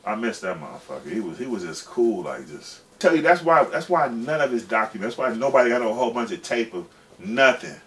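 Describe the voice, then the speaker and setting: A man's voice: mid-range voice, big pitch swings, brisk, fairly bright tone. A man in his forties, a guest telling a long, rambling story in profane, slangy casual speech. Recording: distant mic with faint background noise.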